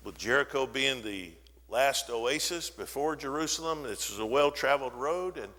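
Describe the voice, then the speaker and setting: A man preaching a sermon in a church, telling a Bible story with animated, dramatic delivery and briefly voicing the people in it. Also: mid-range voice, long reverb tail. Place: church sanctuary.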